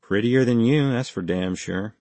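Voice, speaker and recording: A man's voice: medium pitch, normal speed, a little mellow, no room sound, lightly acted. A male audiobook narrator voicing a terse, guarded former army major who gives clipped, dry answers. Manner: laconic, clipped, dry replies. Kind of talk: audiobook character voice.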